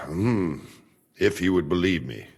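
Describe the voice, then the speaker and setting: An actor playing a burly male royal jailer in a video game cutscene, speaking slow, measured, broken English. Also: sits low, animated, vocal fry, husky, full character voice. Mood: musing.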